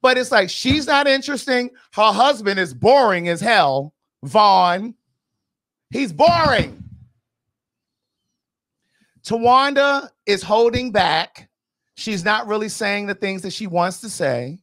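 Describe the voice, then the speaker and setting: Outspoken female podcast host, blunt and animated, dishing gossip in casual talk. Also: medium pitch, takes it slowly, pauses often. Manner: animated and emphatic. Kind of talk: casual pop-culture commentary.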